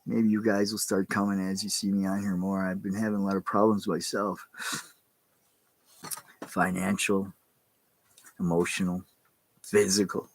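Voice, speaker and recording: A man's voice: low-pitched, flat delivery, moderate pace, gravelly, long pauses, poor audio. A man, a pastor, giving a casual, rambling sermon in plain spoken words with some mild cursing. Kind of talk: casual streamed sermon talk.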